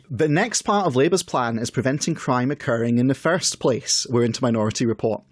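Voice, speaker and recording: A man's voice: medium pitch, normal speed, dry recording. A man reads political text aloud on a podcast and adds wry asides. The sound is dry and close to the mic. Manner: wry, reads quotes then comments dryly. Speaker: podcast co-host. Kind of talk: casual chat, reading out manifesto.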